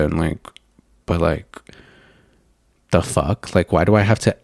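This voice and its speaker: A man's voice: deep voice, a little slow, vocal fry, a little mellow, no room sound. A young man hosting a makeup show, ranting casually in a rambling, profane way full of "like" fillers. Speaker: makeup video and podcast host.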